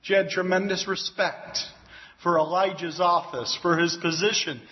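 High-voiced preacher on a dull recording. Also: male voice, steady tone, normal speed. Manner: earnest and emphatic, with exclamations of praise. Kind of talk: expository Bible teaching.

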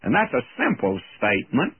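A man's voice: mid-range voice, huge pitch swings, fairly quick, slightly rough. A man giving a verse-by-verse Bible teaching as a radio preacher, reading scripture aloud and then explaining it plainly. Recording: narrow phone-like old radio broadcast.

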